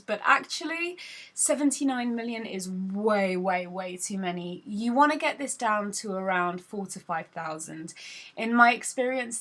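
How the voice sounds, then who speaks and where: Her voice a little high and a bit bright, a woman from the United Kingdom who heads a sales team guides viewers through a screen-recorded tutorial. She's chatty and instructive, stopping now and then with an "um" to think.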